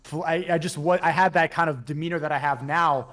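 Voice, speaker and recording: A man's voice: fairly high pitch, steady tone, fairly quick, fairly bright tone. A young man speaking hesitantly in casual stream chat, with many restarts as he tells a confessional story. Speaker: former model, stream guest.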